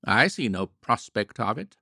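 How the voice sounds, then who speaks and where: A man reading the part of a pompous middle-aged gentleman who talks gruffly and blusters, in a low, gravelly voice. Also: very animated, a little slow, no room sound, clean studio sound, heavily acted.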